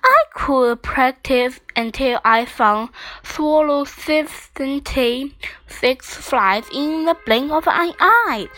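A woman's voice: sits high, slow pace, sharp tone, dry recording, heavily acted. A woman voicing a young boy turtle who tells fibs, earnest and a little worried, in a storybook reading.

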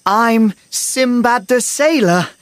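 A man voicing a brave adult male sailor in a storybook reading, slow and eager. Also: extremely high pitch, no echo, pitched above the performer's own voice. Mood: friendly.

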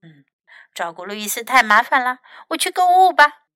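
A woman voicing an eager, competitive young boy fox in a storybook reading, with excited, boastful lines. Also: sits high, normal speed, no echo, clean studio sound, exaggerated voice.

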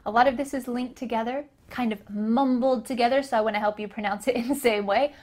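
A woman's voice: a little high, fairly even intonation, darkish tone. American woman teaching English pronunciation. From North America. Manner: slow drilled repetitions, light laughs. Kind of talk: spoken English lesson.

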